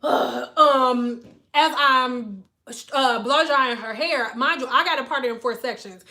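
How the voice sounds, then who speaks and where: A woman's voice: sits high, takes it slowly. A woman hairstylist ranting on a casual livestream, blunt and profane as she tells stories. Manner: blunt, profane, animated storytelling.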